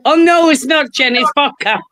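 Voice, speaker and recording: A woman's voice: high voice, normal speed, noisy background. An Irish woman chatting on a video call, jolly and laughing a lot, calling everyone love. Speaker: guest on a live video chat. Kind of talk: casual chat.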